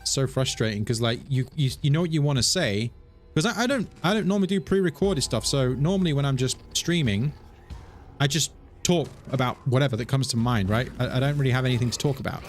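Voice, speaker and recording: A man streaming a game, chatting in a rambling, self-mocking way and jumping into a higher voice to quote himself. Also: quick pace, faint music behind. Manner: animated, jumps into higher voice quoting himself. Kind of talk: casual gameplay stream chat.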